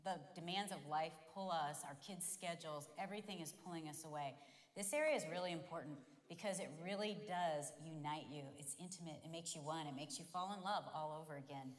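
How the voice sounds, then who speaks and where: A woman's voice: low-pitched, brisk. A woman sharing candid, playful stories from the church stage beside her husband. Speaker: pastor's wife and co-speaker. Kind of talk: sermon with personal stories. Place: church auditorium. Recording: long hall reverb in church.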